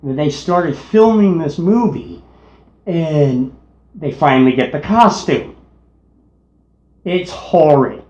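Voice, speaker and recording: A man co-hosting a casual movie review, unhurried, sharing trivia. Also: on the high side, animated, darkish tone. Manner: unhurried, shares trivia tidbits. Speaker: podcast co-host. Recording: echoey room, dull lo-fi sound.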